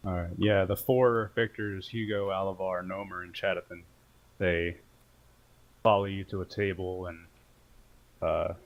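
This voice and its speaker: Man, low voice, casual game master narrating a tabletop battle. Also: level tone, measured pace, pauses often, muffled recording. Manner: casual, storytelling, joking.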